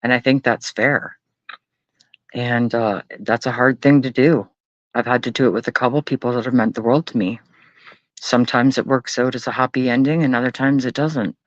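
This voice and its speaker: A man's voice: medium pitch, fairly even intonation, normal speed, dry recording, dull audio. A man hosting a late-night livestream, talking earnestly and rambling, often swearing. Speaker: livestream host.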